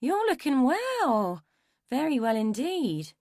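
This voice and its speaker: A brassy barfly with a teasing drawl, as a woman narrator puts her on. She pitches her voice far up and stretches each word out slowly, flirting her way through every phrase. Dry, close storybook sound. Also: huge pitch swings, darkish tone, no echo, full character voice.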